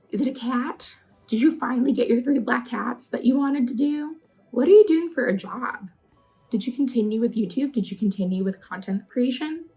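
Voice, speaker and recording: A woman in her twenties talking casually to the camera in a personal vlog, chatty and earnest, her questions rising with excitement. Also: mid-range voice, poor audio. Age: 20s. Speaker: vlogger.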